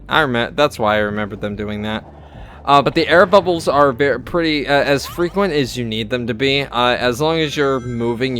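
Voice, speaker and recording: A young man giving casual let's-play commentary, rambling and halting with lots of fillers and restarts. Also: mid-range voice, a bit bright. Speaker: gameplay commentator.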